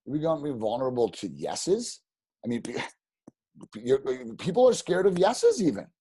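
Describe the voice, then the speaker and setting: A man telling stories as a podcast guest, animated and rambling, with many restarts. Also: mid-range voice, moderate pace, slightly rough, dry recording. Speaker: podcast guest, real estate agent. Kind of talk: casual storytelling interview.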